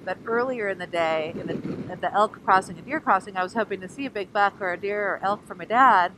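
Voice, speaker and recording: A sleep-deprived woman rambles playfully while riding outdoors, joking one moment and turning heartfelt the next. Her pitch sits mid-range, and loud wind noise roars over a helmet mic. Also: fairly quick. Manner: playful, silly, jumps between jokes and emotion. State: tired. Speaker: motorcycle rally vlogger. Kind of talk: casual rambling vlog.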